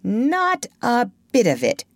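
A woman's voice: fairly high pitch, wildly swooping pitch, no echo, studio quality, voice pushed up, heavily acted. Woman voicing a bossy boy leader. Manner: brisk, self-assured orders. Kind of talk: audiobook character voice.

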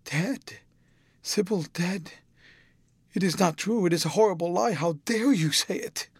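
A man's voice: sits high, measured pace, breathy edge, dry recording, pitched above the performer's own voice, full character voice. A man reading a passionate young man, Dorian Gray. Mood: distraught. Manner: emotional, dramatic delivery. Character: young man, passionate, anguished, self-absorbed. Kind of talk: audiobook reading.

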